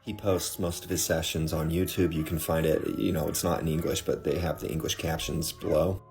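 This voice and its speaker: A man's voice: rumbling low, little pitch movement, a little fast, creaky, darkish tone, faint music behind. A man talking casually to his viewers in a vlog, chatty and often checking in with them. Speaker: social media creator.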